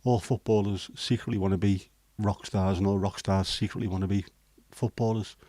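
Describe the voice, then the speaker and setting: A man from Liverpool, England, with a Liverpool accent, runs a casual livestream where he rambles through viewer comments with hesitant banter and the odd swear. His voice is lowish and mellow, fairly quick, with fairly even intonation, in a dry recording.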